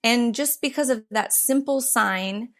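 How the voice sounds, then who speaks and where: A woman in her thirties, a podcast guest, telling animated, rambling stories with quick restarts. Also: fairly high pitch. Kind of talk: casual interview storytelling.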